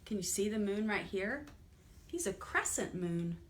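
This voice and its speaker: A woman librarian runs a toddler storytime, reading books aloud and gently asking the kids questions. Her medium-pitched voice is animated and unhurried.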